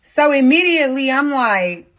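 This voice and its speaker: A young pregnant woman hosting a casual storytime, telling her story in an animated, blunt way, swearing freely and talking straight to her viewers. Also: high voice, normal speed. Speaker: storytime host.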